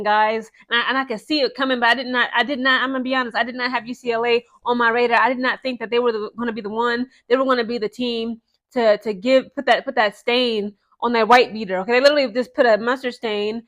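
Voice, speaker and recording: This is a young woman, her voice a touch high, offering laid-back sports commentary to the people who follow her. Her delivery is lively and chatty, and she keeps turning to her viewers with asides like "guys" and "okay?"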